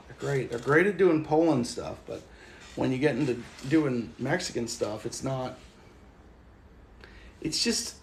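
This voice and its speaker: A man chats loosely with viewers on a livestream, joking and wandering off into stories. His voice is mid-pitched with a gravelly, creaky edge. A faint hiss sits under the recording. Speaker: livestream host. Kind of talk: casual livestream chat with viewers.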